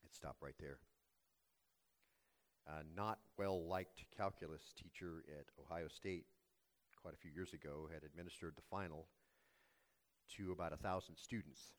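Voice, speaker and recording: Deep-voiced male pastor preaching. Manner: storytelling, measured and earnest. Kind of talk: sermon.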